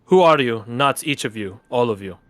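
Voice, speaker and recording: A man's voice: medium pitch, lively intonation, moderate pace, no echo, close to an everyday voice. A man voicing a wary woman warrior who has just woken from a coma and answers curtly and suspiciously. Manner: guarded, curt and suspicious.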